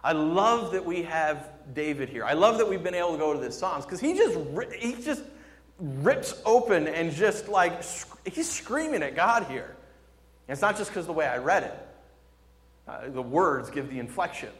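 A male pastor preaching a sermon with impassioned delivery, swinging between loud emphasis and hushed, tender tones. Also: a little high, big pitch swings, moderate pace, long reverb tail.

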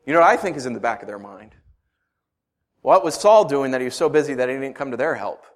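Male pastor, 30s, lively sermon delivery with big pitch swings, loud bursts and hushed asides. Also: fast. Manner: animated, swings from loud outbursts to quiet asides.

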